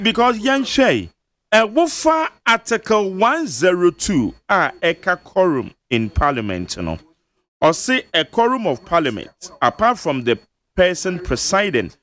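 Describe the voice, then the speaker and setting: A man's voice: high voice, big pitch swings, slow, a bit bright. A Ghanaian man hosting a radio talk show, reading legal text and explaining it step by step with emphasis. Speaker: radio host. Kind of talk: radio talk-show discussion mixing Twi and English. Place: radio studio.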